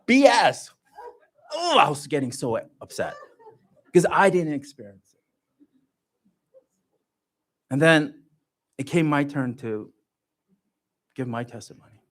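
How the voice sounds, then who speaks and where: A man giving a personal testimony at a church livestream, telling his story in an animated way and joking about himself. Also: a little high, moderate pace, long pauses. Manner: animated storytelling, self-joking, laughs often. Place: church gathering.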